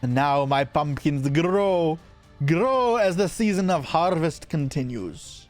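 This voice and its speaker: A man's voice: fairly high pitch, lively intonation, faint music behind. A man putting on a sinister gloating pumpkin villain. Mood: menacing. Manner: slow, drawn-out theatrical menace. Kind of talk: playful gaming voice bit.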